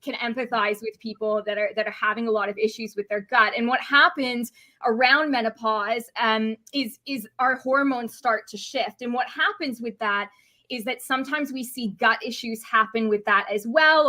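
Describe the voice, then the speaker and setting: A woman's voice: a little high, bright, forceful tone. A Canadian woman with a Canadian accent, a dietitian guest speaking in a friendly way with frequent fillers. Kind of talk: interview conversation.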